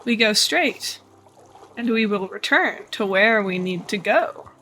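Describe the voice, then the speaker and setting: A woman's voice: medium pitch, lively intonation, a little slow, bright, forceful tone, slight background noise. A woman live streaming a game, chatting casually to her viewers with sarcastic, mock-bored asides. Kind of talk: casual livestream chat while gaming.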